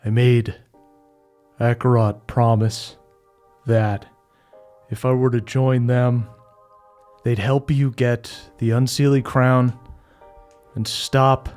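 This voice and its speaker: A weary father who has traded his soul to dark powers, as a man puts him on speaks with slow, solemn resignation, his even voice stumbling over the hardest words. Faint music plays underneath. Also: medium pitch, natural voice.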